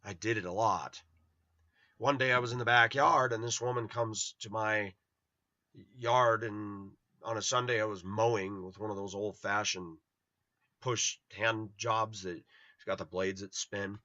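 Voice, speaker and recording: A middle-aged Los Angeles vlogger delivers a personal storytelling monologue, blunt and rambling, acting out the voices he quotes. His voice is lowish, steady and measured, with a bright, forceful tone. The recording is dull, lo-fi and dry, with no room sound.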